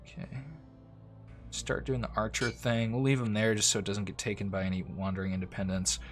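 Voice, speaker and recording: A man with a fairly low voice talks through a strategy game in a relaxed, chatty way, sometimes urging the units on screen. Faint music plays behind him. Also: fairly quick. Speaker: gameplay commentator. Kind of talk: casual let's-play commentary.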